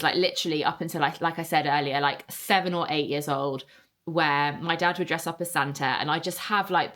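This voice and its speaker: Young woman, podcast host, casual solo storytelling, fond and rambling, slightly low voice. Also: a bit bright. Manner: chatty and nostalgic, many fillers and repeated words.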